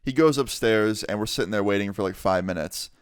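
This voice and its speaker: Give me a young man with a low voice casually retelling a story for his vlog. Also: smooth, no echo, studio quality. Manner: casual, cursing, fast retelling. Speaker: YouTuber.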